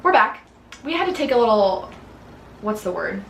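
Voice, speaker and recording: A young woman, chatting and telling animated stories while doing makeup, putting on voices as she goes. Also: mid-range voice, moderate pace, gravelly. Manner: bubbly, animated storytelling with voices. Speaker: beauty vlogger. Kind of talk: casual chat. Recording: echoey room with faint hiss.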